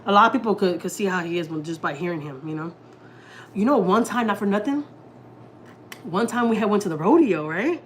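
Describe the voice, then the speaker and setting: A woman's voice: mid-range voice, expressive, fairly quick, a little hiss or hum. A young woman from Houston, Texas, talking candidly to viewers about her family. She swears freely and acts out what people said to her. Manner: profane, candid, quotes people in dialogue. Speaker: family vlogger. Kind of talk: casual storytelling to viewers. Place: home kitchen.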